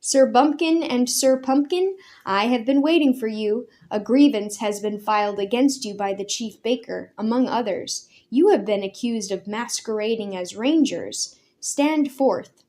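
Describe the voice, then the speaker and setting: A woman voicing a stern male ranger commander who scolds in a grave, measured way. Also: a little high, mellow, natural voice. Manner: solemn, measured reproach.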